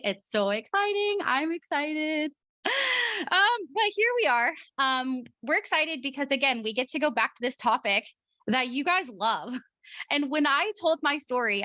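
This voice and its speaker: A woman's voice: a little high, sharp tone, no echo. A woman co-hosting a casual podcast, bubbly and laughing often. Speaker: podcast co-host. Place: Arizona.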